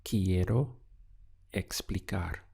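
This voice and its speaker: Slow, gravelly-voiced male language teacher. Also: low-pitched, dark tone. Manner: slow, deliberate prompts with pauses for answers. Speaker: Spanish teacher. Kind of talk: recorded language lesson.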